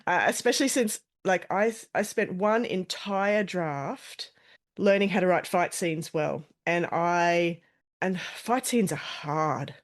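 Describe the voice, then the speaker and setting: A woman with a fairly low voice, talking as a guest on an interview show. She explains things in an easy, chatty way, often restarting and correcting herself mid-sentence. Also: takes it slowly. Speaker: guest author. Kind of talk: casual interview chat.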